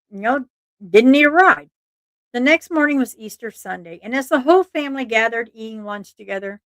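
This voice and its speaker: A woman's voice: on the high side, a bit bright, no room sound. A woman hosting a true crime livestream, telling a case in a casual, earnest way and turning often to talk to her chat. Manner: chatty, earnest, asides to chat, frequent restarts. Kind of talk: casual live-stream narration.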